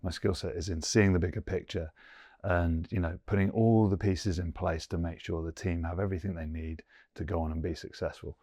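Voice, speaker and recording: Low-voiced man, earnest and reflective. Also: steady tone, brisk, dark tone, no room sound. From England. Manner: earnest, thinks aloud, many "you know" fillers. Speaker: guest, former rugby player. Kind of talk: reflective interview conversation.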